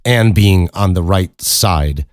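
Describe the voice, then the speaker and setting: An American podcast host with a low voice speaks slowly in clean studio sound without echo. His casual storytelling monologue rambles, gets profane, and is punctuated by frequent laughter.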